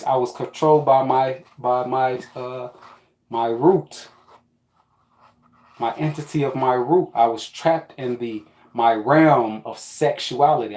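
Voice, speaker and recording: A man's voice: fairly high pitch, reverberant. A man telling a rambling, profane personal story in a casual spiritual monologue. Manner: profane, rambling, animated with quoted asides.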